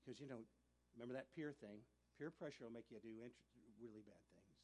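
A man preaching, telling a personal story in a sermon, animated and often laughing as he talks. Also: mid-range voice, brisk, slightly rough.

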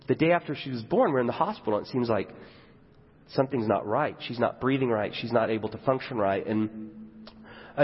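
A man's voice: medium pitch, slightly rough. A young adult man, a pastor, telling a personal story in a sermon with candid, self-mocking asides. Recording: dull audio with long hall reverb.

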